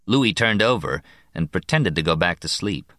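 A man narrating an audiobook in a very deep voice that still rises and falls with plenty of life. He reads in a measured way, slowing down on key words, and the recording is close and dry. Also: lively intonation, sharp tone, no room sound. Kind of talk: scripted narration.

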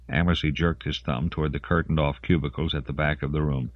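Man reading a gritty audiobook, really deep voice, dry dull sound. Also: a little fast, few pauses, no echo. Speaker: audiobook narrator. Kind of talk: scripted narration.

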